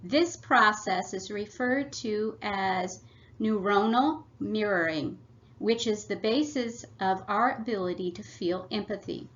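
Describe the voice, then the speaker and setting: A woman at an ordinary pitch reads a scripted parenting workshop in a measured, teacherly manner. The recording is slightly dull and lo-fi. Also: a bit bright. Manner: measured, instructive reading. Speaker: family workshop presenter. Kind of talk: scripted read-aloud presentation.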